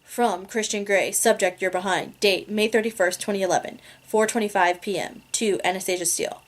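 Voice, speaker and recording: A woman's voice: medium pitch, fairly even intonation, brisk. A woman reading a romance novel aloud in a casual amateur way, laughing at her own slips. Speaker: reader.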